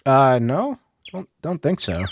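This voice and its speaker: A man's voice: medium pitch, huge pitch swings, slow, slight background noise. A man streamer thinking aloud while playing a game, casual and self-talking. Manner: talks to himself while puzzling. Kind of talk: casual gameplay commentary.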